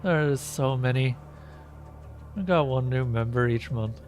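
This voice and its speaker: A man's voice: medium pitch, measured pace, a little hiss or hum, lightly acted. A man doing a droning unshaven man. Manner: boring monotone delivery.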